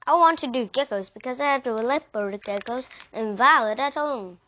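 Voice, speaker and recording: A woman's voice: a little high, normal speed, bright, forceful tone. A woman doing an eager, brainy young boy. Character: young boy, smart eager know-it-all. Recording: dull lo-fi recording.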